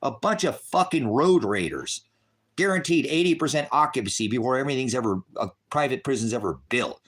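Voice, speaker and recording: A middle-aged man ranting to his viewers, cursing heavily and swinging between shouted outbursts and low bitter muttering. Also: expressive, fairly quick, husky. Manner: heavy cursing, bitter and raging. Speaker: online ministry broadcaster. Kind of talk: angry unscripted rant to viewers.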